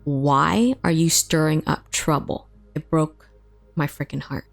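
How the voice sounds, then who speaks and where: A woman's voice: fairly low pitch, a little mellow. A woman vlogger telling a personal story in a casual, emotional way, full of fillers and swearing.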